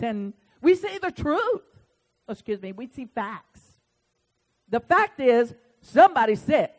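A woman preacher delivering an impassioned sermon that swings between hushed, quiet passages and loud shouting, acting out conversations with God. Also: high-pitched. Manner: acts out dialogue with God.

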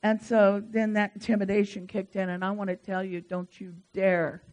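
A woman preaching a sermon in church, swinging between hushed asides and loud emphatic lines. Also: mid-range voice, flat delivery, a little fast, rough recording.

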